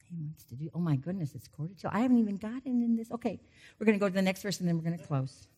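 A middle-aged woman preaching to her congregation in an easy, talkative way. She drifts into lively personal asides and then comes back to the scripture. Her pitch sits right in the middle for a woman. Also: rapid-fire, breathy edge. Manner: chatty, animated asides and personal stories. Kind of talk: conversational sermon.

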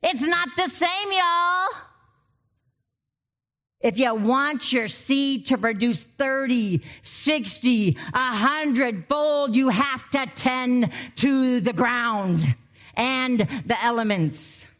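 A woman delivers a sermon in a slightly high voice. She is openly emotional. She swings between loud, stirring exhortation and soft, intimate passages. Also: very slow. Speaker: preacher.

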